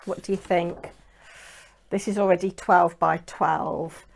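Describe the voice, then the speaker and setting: A woman's voice: fairly low pitch, fairly even intonation, slow pace, creaky. A woman hosting a papercraft channel, talking through her work in a rambling, chatty way and adding lots of tag questions. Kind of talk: chatty crafting vlog.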